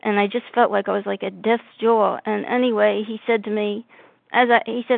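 A woman from north of Boston sharing her story in a halting way, full of fillers and restarts, over a video call. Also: a little high, steady tone, gravelly, no echo. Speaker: meeting member sharing. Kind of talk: personal recovery share. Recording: tinny phone-like call audio.

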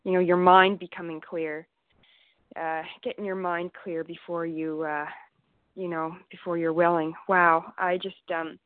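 A woman from Canada sharing her story at a recovery meeting, halting, with many fillers and restarts. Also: fairly low pitch, level tone, no echo. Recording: tinny phone-line call audio.

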